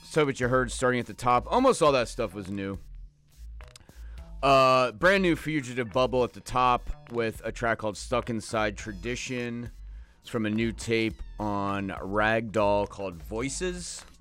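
A man's voice: medium pitch, unhurried, fairly bright tone, clear, resonant tone, soft background music. A man hosting a radio show, rambling enthusiastically with lots of fillers as he back-announces songs.

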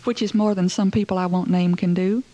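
A woman's voice: on the low side, steady tone, brisk, mellow, dull audio, natural voice. A woman voicing a spoiled, sulky younger sister with a petulant, snippy way of talking.

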